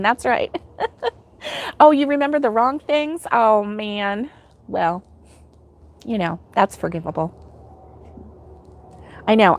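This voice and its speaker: A middle-aged American woman with a bright, chatty and giggly manner, hosting a casual livestream and talking back to viewer comments. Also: a little high. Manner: chatty and giggly, laughs often. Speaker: host of a crochet livestream.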